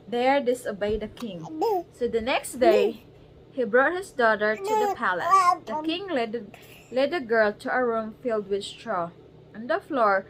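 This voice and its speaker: At bedtime, a mother reads a storybook to her baby in a slightly high voice, keeping the narration casual and distracted as she stops to coax the squirming child. The low-quality home recording has faint background noise underneath.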